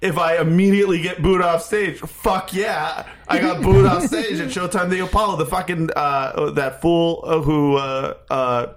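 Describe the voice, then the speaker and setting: A man's voice: on the high side, fairly even intonation, moderate pace, few pauses. A male comedian chatting casually and rambling, with lots of hesitations. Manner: rambling, hesitant, full of fillers. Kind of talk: casual chat. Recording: echoey room, loud music behind.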